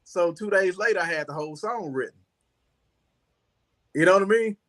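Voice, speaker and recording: A man, a music artist telling a rambling, animated story as an interview guest, often saying "you know.". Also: sits high, moderate pace. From Southern United States.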